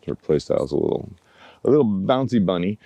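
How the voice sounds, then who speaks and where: Walking his dogs outdoors in a yard beside the woods, a dog trainer narrates a casual vlog to his handheld camera in a low, mellow, slightly fast voice. He's relaxed and talkative, urging the dogs on with pet names, and the recording is dry and close.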